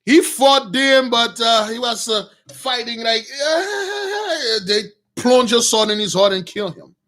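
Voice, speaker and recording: A man preaching, retelling a Bible story in loose slangy talk and acting out the characters with shouts and laughs. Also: very high-pitched, animated, takes it slowly.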